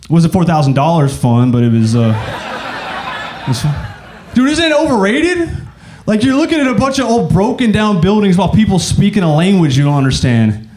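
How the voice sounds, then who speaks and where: Sex: male. Origin: from Arkansas. Role: stand-up comedian. Pitch: high. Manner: casual, rambling, filler-heavy. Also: sing-song, a little fast, darkish tone. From Arkansas, USA.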